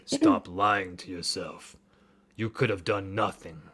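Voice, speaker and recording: A man putting on the voice of a solemn spirit elder from a story game. The voice is very deep and husky, each line slow and weighty. It carries a stern, commanding weight. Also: wildly swooping pitch, a bit bright, exaggerated voice. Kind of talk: reading game dialogue aloud.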